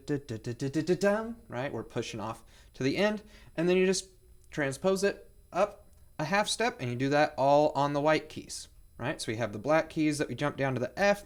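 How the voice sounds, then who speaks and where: A male percussion teacher with a Midwestern American accent, explaining audition excerpts and counting and scatting rhythms aloud. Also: mid-range voice. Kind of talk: instructional demonstration.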